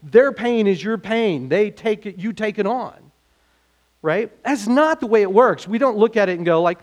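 A man preaching a sermon in a conversational way, growing animated when he asks questions. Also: sits high, moderate pace. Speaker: pastor.

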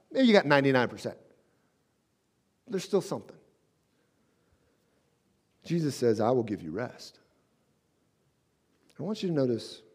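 A man preaching a sermon as pastor in a conversational way, dropping soft and slow when he quotes scripture. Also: mid-range voice.

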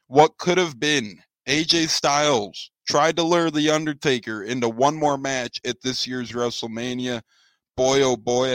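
A man's voice: medium pitch, fairly bright tone, no room sound, low-quality recording. A man co-hosting a casual wrestling podcast, teasing his partner and reading out news items. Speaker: co-host.

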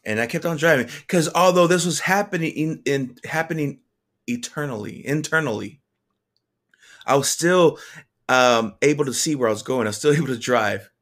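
A man telling a personal faith testimony in an earnest, halting way, often restarting his sentences. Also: on the high side, fairly bright tone.

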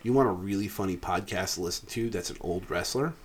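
A man's voice: low voice, fast talker, a little hiss or hum. A man co-hosting a podcast, telling loose, profane stories between laughs. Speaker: podcast co-host. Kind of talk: casual chat.

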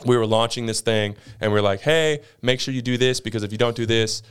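Smooth-voiced young man ranting casually. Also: mid-range voice, quick pace. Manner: animated storyteller who acts out quotes with swearing. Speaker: podcast host. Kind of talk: casual podcast chat.

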